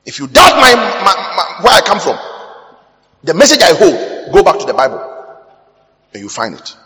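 Ghanaian male preacher, somewhat high voice, erupts into loud emphatic bursts, reverberant hall sound. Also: sing-song, normal speed. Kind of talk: sermon.

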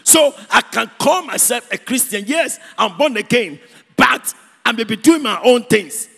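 A man's voice: very high voice, animated, unhurried, gravelly, sharp tone, slightly rough. A man from Ghana preaching a sermon in a church, emphatic, repeating key words and singing out phrases. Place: church hall. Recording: echoey church hall with long reverb.

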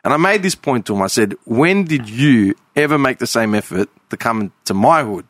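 A man's voice: mid-range voice, animated, moderate pace, dry recording, clean studio sound. A man with an Australian accent in casual chat, telling long stories and swearing freely.

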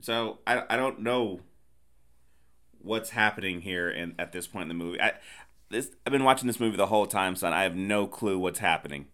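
A man co-hosting a casual movie review podcast, retelling scenes in an animated way and putting on voices for the characters. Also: deep voice, moderate pace. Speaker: podcast co-host, the father.

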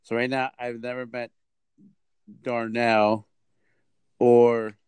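A man hosting a casual podcast chat, rambling and halting, often repeating himself. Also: mid-range voice, level tone, a little mellow, clean tone, no echo. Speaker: podcast host.

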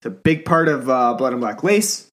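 A man of ordinary pitch co-hosting a relaxed film podcast. He hesitates often and fills gaps with ums and uhs. His tone is casual and unhurried. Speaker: podcast co-host.

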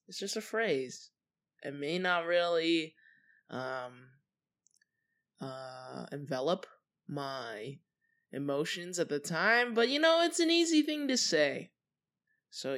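Young adult podcast host, mid-pitched voice, loose and chatty delivery full of ums and trailing thoughts. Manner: relaxed, chatty, with many fillers and trailing thoughts. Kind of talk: casual solo podcast talk.

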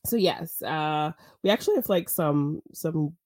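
Giggly woman with a lively voice. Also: sits low, a little slow, no room sound, studio quality. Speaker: podcast co-host. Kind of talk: casual chat.

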